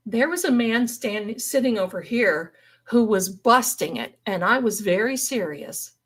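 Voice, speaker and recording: A woman's voice: fairly high pitch, expressive, unhurried, a bit bright. A woman telling a story on a live stream in a dramatic, folksy way, calling her listeners darlings. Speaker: paranormal storyteller guest.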